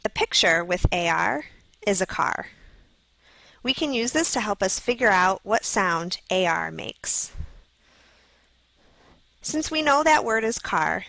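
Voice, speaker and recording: A woman with a gravelly edge reads a scripted phonics lesson, slowly and clearly sounding out each letter. The recording is dry and close, with no room sound. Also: medium pitch, lively intonation, fairly bright tone, dry recording, low-quality recording. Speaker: lesson video narrator. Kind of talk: scripted instructional narration.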